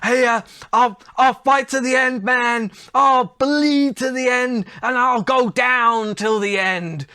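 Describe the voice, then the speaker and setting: A spaced-out older boxing promoter, put on by a man, drawls his words slowly, with a bright, fairly high voice. He sounds dazed and far from sober. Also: clear, resonant tone, no echo, studio quality, full character voice.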